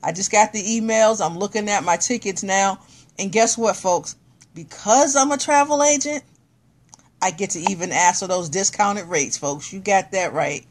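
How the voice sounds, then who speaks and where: A middle-aged woman speaking at an ordinary mid-range pitch, live-streaming to her viewers. She talks in an excited, animated way, giving fired-up encouragement. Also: moderate pace.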